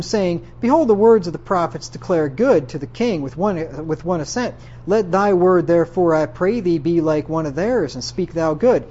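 In dull lo-fi audio, a man teaches from the Bible, reading passages and then casually paraphrasing them in slangy, everyday speech. He's a preacher with a high-pitched, darkish voice.

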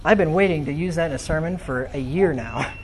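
A man's voice: fairly high pitch, a little fast, background noise. A man preaching a sermon in a church, reading scripture aloud and asking the congregation questions in a conversational way. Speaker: pastor.

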